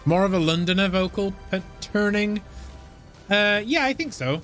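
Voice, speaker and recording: A man from southern England talks casually over a game session, his voice sitting a little higher than most men's. He rambles, hesitates and restarts sentences, with faint game music underneath. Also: animated, moderate pace, a bit bright. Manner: rambling, hesitant, lots of restarts and self-corrections. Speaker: gaming streamer. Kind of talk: casual chat while playing a game.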